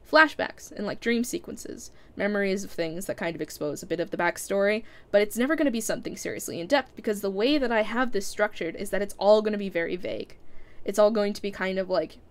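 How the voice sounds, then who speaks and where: A woman's voice: mid-range voice, fairly quick. A young woman chatting casually as a live streamer winding down her stream, rambling with lots of fillers and frequent laughs.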